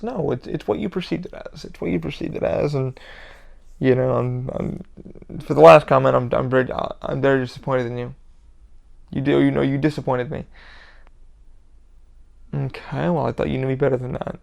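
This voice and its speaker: A man's voice: medium pitch, creaky. A man hosting his own podcast, talking in a heated, rambling monologue with constant swearing. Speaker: podcast host. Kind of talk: casual monologue.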